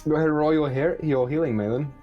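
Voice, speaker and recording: A man's voice: a little high, fast talker, muffled recording, faint music behind. A man acting as game master, narrating the party's actions and ruling on rolls, with frequent laughter. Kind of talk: running a tabletop game.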